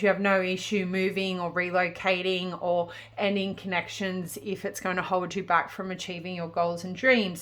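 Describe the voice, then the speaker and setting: A woman's voice: medium pitch, a bit bright. Chatty woman giving a tarot reading. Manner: chatty and rambling, with many fillers and restarts. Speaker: tarot reader. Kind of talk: casual pick-a-card tarot reading.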